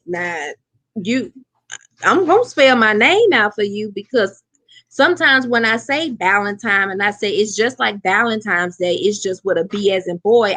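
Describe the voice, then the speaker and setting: A woman's voice: on the high side, creaky, no room sound. Chatty woman co-host, dry sound. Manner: animated storytelling with exclamations. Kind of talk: casual chat.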